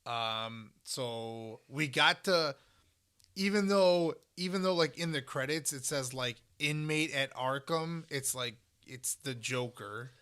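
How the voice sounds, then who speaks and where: Bright-voiced man, rambling podcast chat. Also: mid-range voice, slow pace, clean tone. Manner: rambling, filler-heavy, swears for emphasis. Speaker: podcast co-host. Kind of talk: casual chat.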